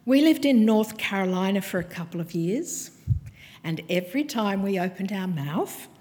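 A woman preaching a sermon to her church, with a measured, earnest delivery and pointed pauses. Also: medium pitch, animated, mellow. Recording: long hall reverb from a church.

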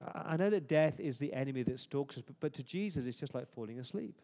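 A man's voice: medium pitch, lively intonation, quick pace. Preaching man in an echoing hall. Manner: conversational, swings from hushed to emphatic. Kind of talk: sermon. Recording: long hall reverb.

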